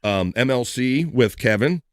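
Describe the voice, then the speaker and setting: A man's voice: mid-range voice, animated, measured pace, dry recording, studio quality. A man hosting a casual livestream chat show in an upbeat, old-school radio manner, thanking viewers and reading their messages. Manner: upbeat, shout-outs to chat, radio-style. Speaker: livestream host.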